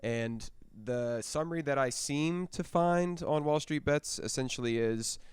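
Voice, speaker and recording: A man speaking as a guest on a casual podcast, talking in an animated, emphatic way. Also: medium pitch, measured pace, clear, resonant tone, dry recording. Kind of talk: casual chat.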